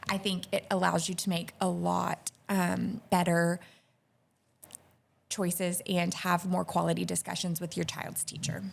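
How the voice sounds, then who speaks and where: Gravelly-voiced woman principal. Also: lowish voice, level tone, a little slow. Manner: thoughtful, searches for words. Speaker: preschool principal. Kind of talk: casual interview chat.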